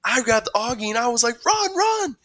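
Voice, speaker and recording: A panicky schoolboy from a storybook, voiced by a man, urgent and breathless, pitched high above the reader's own voice. The delivery is bright and lively. Dry and close. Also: a little fast, no room sound, exaggerated voice. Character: panicky boy urging others to flee.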